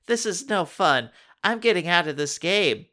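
A man voicing Katie, a panicky, whiny young girl, in a shrill, squealing falsetto while reading a storybook aloud. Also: expressive, moderate pace, bright, forceful tone. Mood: complaining.

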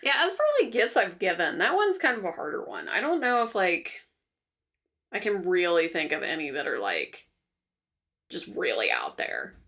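A young woman chatting casually as co-host, relaxed and a bit hesitant with many fillers. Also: on the low side, normal speed. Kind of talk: casual chat.

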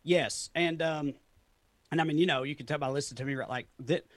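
A man's voice: a little high, fairly quick, no room sound. Chatty man with a Tennessee drawl. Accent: Southern US, Tennessee. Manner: loose and chatty, many "like"s, laughs often. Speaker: comedian guest. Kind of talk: casual interview chat.

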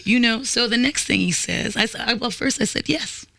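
A woman in her forties tells a story in a bright, gravelly voice. She talks casually with lots of swearing and acts out the lines of other people. The sound is dry and close. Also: fairly high pitch, a little fast, dry recording. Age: 40s. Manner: animated, profane, acts out quotes. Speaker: guest.

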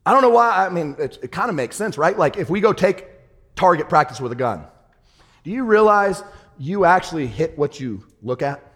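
A man preaching with real fire in a fairly high voice, bursting into loud triumphant shouts and then dropping to a soft, chuckling, confiding tone. His delivery is loose and conversational, full of asides to the congregation. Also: normal speed, big-room sound. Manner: animated preaching that swings from shouts to a hushed, laughing storytelling tone. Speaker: pastor. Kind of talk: sermon.

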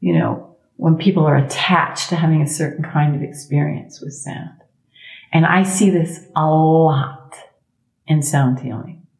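A middle-aged woman, a sound healer speaking as a guest in a conversational interview, expressive and emphatic, leaning on slow repetitions. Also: sits low, creaky, roomy sound. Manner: expressive, acts out inner thoughts in quoted voices.

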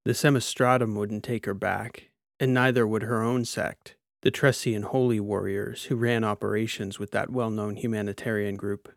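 Brief: man narrating fiction, measured pace, gravelly tone, dry close sound. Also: lowish voice, flat delivery, no room sound. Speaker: audiobook narrator. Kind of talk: scripted narration.

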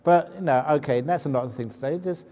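Man, monk, humorous storyteller, slightly high voice, reverberant hall. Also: fast, dark tone. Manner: joking, anecdotal storyteller. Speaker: Buddhist monk giving a dharma talk. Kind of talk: humorous talk answering audience questions. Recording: long hall reverb, faint ambient noise.

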